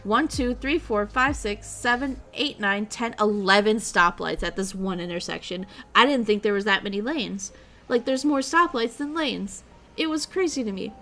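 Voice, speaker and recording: A woman's voice: medium pitch, normal speed, sharp tone. A young woman streamer chatting casually, rambling along and swearing freely. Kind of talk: casual chat.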